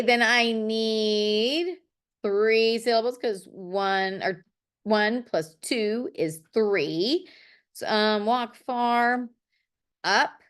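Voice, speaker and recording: A middle-aged woman teaching a poetry lesson. She thinks aloud while she writes and keeps checking in with "okay.". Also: mid-range voice. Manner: encouraging, checks in with frequent okays. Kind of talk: classroom-style poetry lesson.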